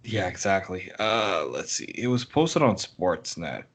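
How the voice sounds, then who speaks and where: A man talking sports on a podcast, rambling and filling pauses with "like". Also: sits low, animated, a bit bright. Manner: rambling, heavy use of "like". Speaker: podcast co-host and sports reporter. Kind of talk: casual chat.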